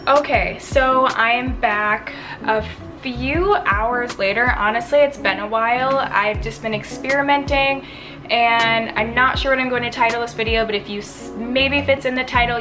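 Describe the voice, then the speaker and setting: Chatty young woman, Midwest accent. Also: fairly high pitch. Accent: Midwestern American. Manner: chatty, rambling, restarts mid-thought. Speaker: beauty vlogger. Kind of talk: casual vlog talk to camera.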